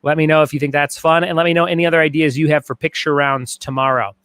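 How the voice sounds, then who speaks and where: A man's voice: fairly high pitch, steady tone, fast talker, a bit bright, clean tone, no echo. A man hosting a casual trivia livestream from his garage, joking around and reading out viewer comments between questions. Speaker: trivia host. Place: home garage.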